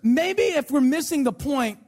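Man, pastor, high voice, sarcastic, chatty sermon delivery. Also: animated, a little slow, a little mellow. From United States. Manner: sarcastic, conversational preaching with mock prayers.

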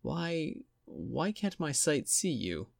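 A man's voice: a little high, sing-song, creaky, no room sound, studio quality, pitched above the performer's own voice, full character voice. A man reading a story aloud and voicing a proud, chatty, lonely young female ghost in a raised, lilting voice. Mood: eager. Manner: eager rapid questions. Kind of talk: audiobook reading.

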